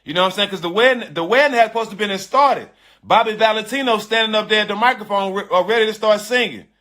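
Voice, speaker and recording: A middle-aged man telling a personal story in casual, slangy speech, animated and emphatic, often repeating his phrases. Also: high voice, fast talker. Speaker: storyteller on a live stream.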